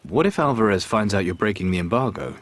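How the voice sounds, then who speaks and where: An actor playing a blunt, impatient pirate captain in a video game. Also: male voice, lowish voice, expressive, quick pace. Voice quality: curt, dry-witted.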